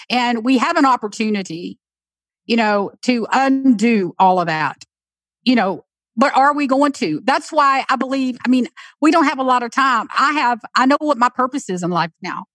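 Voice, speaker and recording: High-voiced earnest woman. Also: a bit bright, no room sound. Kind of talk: emotional conversation.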